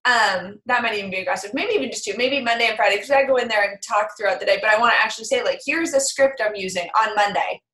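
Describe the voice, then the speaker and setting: A woman in her thirties talks casually on a group call, with a bright, fairly high voice. She tells her stories with animated, quoted back-and-forth. The sound carries a noticeable room echo. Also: rapid-fire, hardly any pauses. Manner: chatty, animated storytelling with acted quotes. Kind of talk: casual chat.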